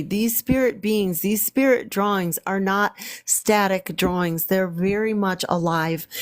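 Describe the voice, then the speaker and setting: Woman, spiritual healer on a live stream; slow, wandering delivery full of ums and repeated phrases. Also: mid-range voice. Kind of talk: casual spiritual livestream talk.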